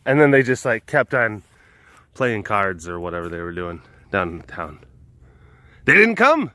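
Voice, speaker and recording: A man's voice: low-pitched, fairly even intonation, moderate pace, a bit bright. A man casually retelling old fables, rambling and full of filler words. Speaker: host. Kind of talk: casual storytelling.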